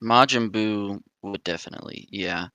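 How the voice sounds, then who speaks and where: A man's voice: lowish voice, normal speed, bright, forceful tone, smooth, no room sound. A young man chatting casually on a gaming podcast, laid-back and giving brief replies.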